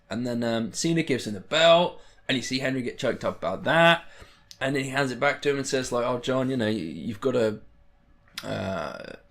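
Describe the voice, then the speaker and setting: A young man talks in a loose, rambling vlog style. His voice sits at an ordinary middle pitch. He gets excited easily and swears freely. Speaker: wrestling vlogger. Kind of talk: casual chat.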